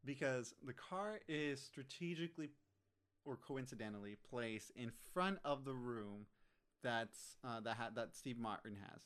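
A man's voice: mid-range voice, a little slow, fairly bright tone, smooth. A man casually discussing a film, swearing now and then and theorizing about the characters.

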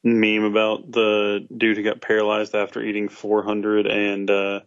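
A man's voice: on the low side, monotone, unhurried, clean tone, muffled recording. A man joining a casual movie review chat, joking in an offhand way.

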